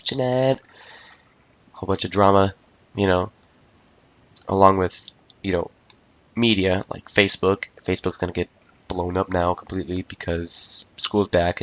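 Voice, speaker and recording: A teenage guy hosting his own solo podcast, talking straight into a microphone with a fairly low voice. He rants in an exasperated, casual way, swears freely and keeps calling everything ridiculous. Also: a bit bright. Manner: repeats "I tell you what" and "ridiculous". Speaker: podcast host.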